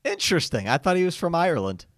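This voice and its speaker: A young man co-hosting a podcast, telling a travel story in a casual, animated way and acting out what others said. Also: on the high side, quick pace, no room sound, clean studio sound. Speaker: podcast co-host.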